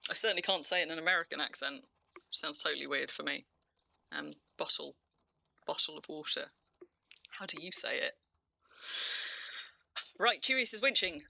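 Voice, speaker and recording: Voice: medium pitch, animated, a little fast, gravelly, long pauses, sharp tone, dry recording. A game streamer from England with a near-RP southern English accent, chatting casually through play, laughing often and restarting sentences. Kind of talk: casual live-stream commentary.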